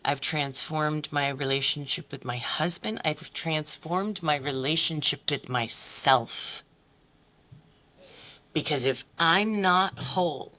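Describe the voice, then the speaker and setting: A woman who is a life coach appears as a podcast guest, telling a candid personal story in conversation. Her voice is described as both bright and deep, and she is blunt, swears freely, and acts out quotes with big voices.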